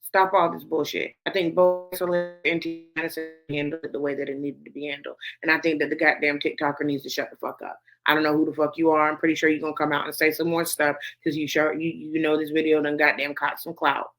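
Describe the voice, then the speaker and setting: A woman's voice: low-pitched, flat delivery, quick pace, few pauses, fairly bright tone, soft background music. A woman host giving blunt, profane commentary to camera, swearing heavily and repeating her points for emphasis. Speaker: host of a gossip commentary show.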